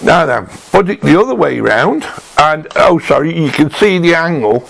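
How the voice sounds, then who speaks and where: A man giving a casual show-and-tell review of a woodworking tool in his home workshop, talking slowly and thinking aloud with restarts, picked up on a camera mic as he handles the tool. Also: fairly high pitch, lively intonation, creaky, a bit bright, low-quality recording.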